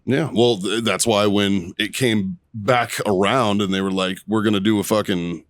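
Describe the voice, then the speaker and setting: Male former Marine, thirties, low-pitched, profane storyteller, dry close-mic podcast sound. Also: moderate pace, no echo. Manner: profane, animated storytelling with laughter. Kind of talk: casual profane banter and storytelling.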